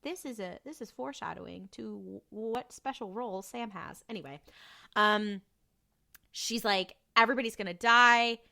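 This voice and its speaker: Podcast lady with a bright sharp voice, casual and profane, acting out lines as she recaps. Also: medium pitch, normal speed, vocal fry. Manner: profane, joking retelling with quoted voices. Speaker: podcast co-host.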